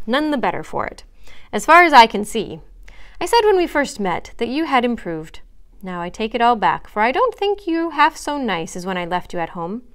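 Storybook reading: a sharp-tongued, earnest young lady read by a woman, cool and scolding. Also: mid-range voice.

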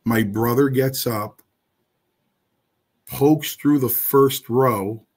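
A man telling stories from his wrestling career in an interview, animated and blunt, with salty language. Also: medium pitch, very slow, breathy edge. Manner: animated, acts out the people in his story. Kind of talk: casual anecdotal storytelling.

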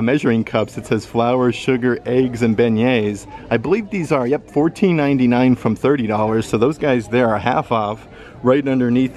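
A man's voice: medium pitch, a little mellow. A man vlogging a casual shopping walkthrough in a store, chatty and upbeat as he reads out prices. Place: indoor retail store.

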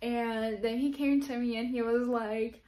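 A woman's voice: fairly high pitch, steady tone, a little slow, dark tone. Chatty giggly young woman telling a story. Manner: chatty, giggly, many fillers. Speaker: vlogger. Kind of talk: casual storytelling to camera.

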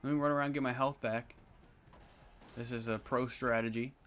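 Excitable young man commentating gameplay. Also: medium pitch, a little fast. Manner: excitable, jokey, shouts at the game. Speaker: gaming YouTuber. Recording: game music behind.

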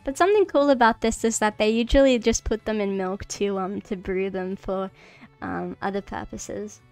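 A woman's voice: medium pitch, moderate pace, darkish tone. Giggly, rambling woman streamer. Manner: giggly, rambling, many fillers and restarts; nervous. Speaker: streamer teaching mycology. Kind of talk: casual livestream lesson. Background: faint background music.

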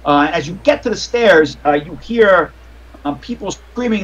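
A man's voice: sits high, expressive, normal speed, fairly bright tone, poor audio. A man running a tabletop game as game master, narrating in a meandering, hesitant way over online voice chat.

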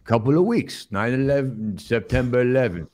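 A man's voice: mid-range voice, lively intonation, darkish tone, close to an everyday voice. A man impersonating a mumbling, tongue-tied aging male action-movie star, hosting an improvised comedy sketch. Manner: halting, rambling, tongue-tied. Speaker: comedy show host.

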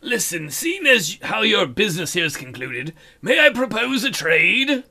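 A humble thrall and former outlaw, as a man voices him in a video game, speaking softly and slowly, begging for a favor. The voice sits high and bright, with lively swings in pitch. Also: full character voice. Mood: pleading. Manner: soft, slow, pleading.

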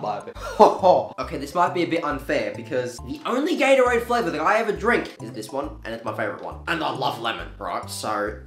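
Excitable swearing guy, lively voice. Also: medium pitch, brisk, few pauses. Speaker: YouTuber. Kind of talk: casual taste-test vlog. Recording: echoey room with faint music.

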